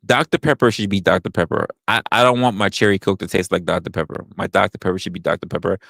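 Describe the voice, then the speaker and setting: A man's voice: sits low, fast, creaky, a bit bright, no echo. A man hosting a talk show, ranting in a profane, emphatic way and repeating his points. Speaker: podcast host. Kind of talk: opinionated casual rant.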